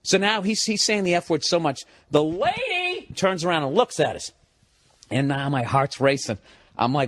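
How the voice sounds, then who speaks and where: A man's voice: sits high, lively intonation, a little fast. Profane ranting stand-up comedian, man. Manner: profane, ranting, builds to loud outbursts. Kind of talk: stand-up storytelling.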